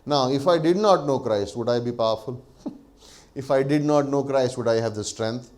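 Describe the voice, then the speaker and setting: A man's voice: medium pitch, moderate pace, darkish tone. A male pastor preaching a sermon, posing rhetorical questions to the congregation, answering them himself, and laughing lightly between points. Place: church.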